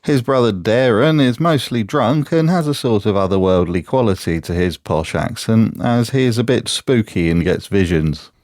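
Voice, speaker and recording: A man from Britain delivers scripted commentary with a sardonic, mocking edge. His voice is lowish and recorded close and dry, with no room sound at all. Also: lively intonation, moderate pace, few pauses, a little mellow, no room sound. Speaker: YouTube commentator.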